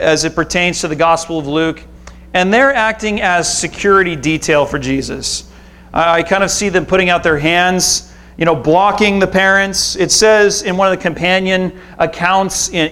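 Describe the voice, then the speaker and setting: A man pastor giving a sermon in a relaxed, conversational way, with self-deprecating humor. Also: sits high.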